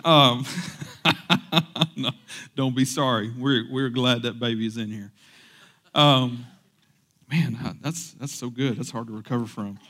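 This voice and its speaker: This young adult man delivers a relaxed sermon, moving between scripture and joking asides, with fillers and restarts along the way. He talks slowly and pauses often in a mid-range, slightly bright voice.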